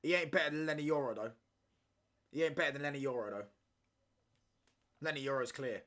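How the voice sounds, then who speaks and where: A young man talks football to his stream viewers, loose and animated. He keeps throwing in slang and checking that the chat follows his point. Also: mid-range voice, a little fast. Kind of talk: casual chat. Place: home streaming setup.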